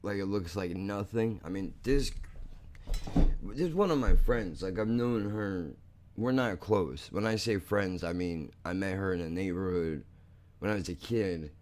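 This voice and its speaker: A young man hosting a podcast, talking in a blunt, profane, rambling way that turns angry fast. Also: low voice, a little mellow, a little hiss or hum. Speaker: podcast host. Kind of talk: casual monologue.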